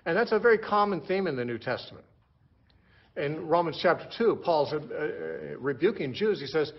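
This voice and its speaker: A man teaching through a book of the Bible verse by verse, explaining slowly and repeating words as he restarts his sentences. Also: on the high side, lively intonation. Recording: dull lo-fi recording.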